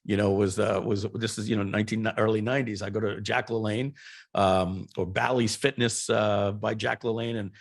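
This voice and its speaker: A middle-aged man, a guest on a podcast, telling stories in an animated, rambling way and often repeating words. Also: lowish voice, moderate pace. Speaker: guest entrepreneur. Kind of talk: podcast interview storytelling.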